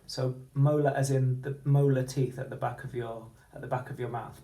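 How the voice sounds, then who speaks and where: A man teaching a phonics lesson, slowly sounding out letters and words. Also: medium pitch, steady tone, dark tone, reverberant, rough recording. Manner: slow, deliberate, sounding out letters.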